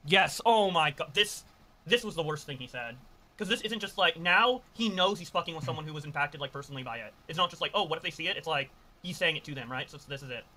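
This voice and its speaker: A man's voice: a little high, expressive, fast, bright, forceful tone. A man in a played clip, commenting with rambling, hedging talk and many fillers.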